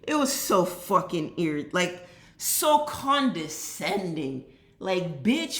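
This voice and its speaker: A woman's voice: on the low side, very animated, slow pace. A woman giving a heated, exasperated reaction commentary, cursing freely as she vents. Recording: roomy echo.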